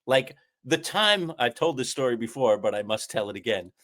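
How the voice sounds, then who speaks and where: A male talk show host tells a long story in casual chat, full of emphatic asides. His pitch swings widely and animatedly from one phrase to the next, around a moderate middle. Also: expressive, moderate pace, fairly bright tone.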